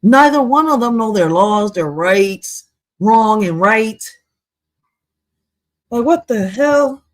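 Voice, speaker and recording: A woman's voice: fairly high pitch, slow, long pauses, no echo, poor audio. Slangy woman reacting casually. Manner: profane, slangy, animated, frequent "yo". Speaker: reaction video host.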